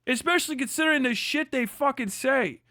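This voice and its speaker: A man's voice: very high-pitched, brisk, sharp tone, no echo, studio quality. Profane, mocking man ranting on stream. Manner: profane, mocking, laughing often, puts on prissy voices to mock critics. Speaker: livestream host. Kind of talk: casual ranting livestream commentary.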